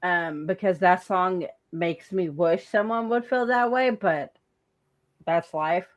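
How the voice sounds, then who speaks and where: A woman co-hosting a podcast in casual chat, speaking slowly and wistfully. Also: lowish voice, dull audio. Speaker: podcast co-host.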